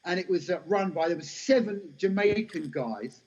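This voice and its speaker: A middle-aged man, telling lively, self-mocking stories as an interview guest. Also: high-pitched, normal speed. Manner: animated, anecdotal, self-mocking. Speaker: guest actor. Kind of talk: casual storytelling interview. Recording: dull lo-fi podcast audio.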